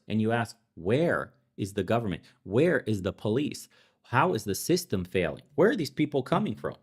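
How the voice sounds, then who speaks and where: A young adult man hosting a podcast, ranting in heated political commentary with sarcastic, profane, mocking asides. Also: on the low side. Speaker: podcast host.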